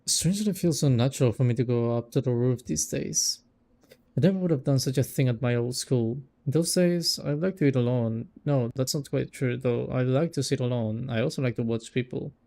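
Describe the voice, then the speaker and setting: A man's voice: mid-range voice, fairly quick, vocal fry, warm tone. A young man reading a visual novel aloud as a let's play, rereading lines that trip him up and breaking off for casual remarks.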